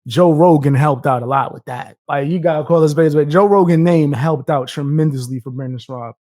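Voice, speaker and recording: A man's voice: on the high side, fairly quick, darkish tone, no room sound, clean studio sound. A young man live streaming, reacting with a profane, combative rant and taunting his viewers between laughs.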